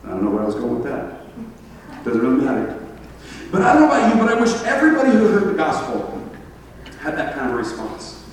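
A man preaching a sermon, telling stories with laughter and animated asides. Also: fairly high pitch, brisk, pauses often, a little hiss or hum. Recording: echoey hall from far off.

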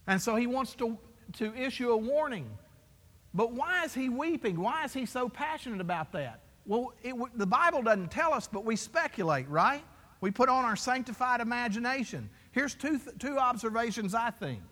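A man's voice: very high voice, big pitch swings, moderate pace, sharp tone. A man preaching a sermon as pastor, emphatic and full of rhetorical questions to his congregation. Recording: long hall reverb.

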